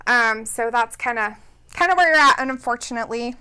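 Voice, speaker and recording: A woman's voice: a little high, fairly quick, sharp tone, clear, resonant tone, poor audio. A woman co-hosting a casual live stream, chatty and giggly, reading out viewer comments between laughs. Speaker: co-host.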